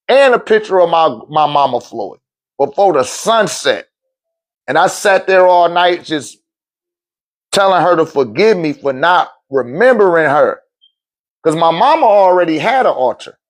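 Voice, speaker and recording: A man with a high voice that swings wide as he tells an animated personal story at a live talk. He talks loosely and with plenty of profanity. He slips into the voices of the people in his tale as he goes. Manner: acts out the other people's voices while telling the story, casual and profane.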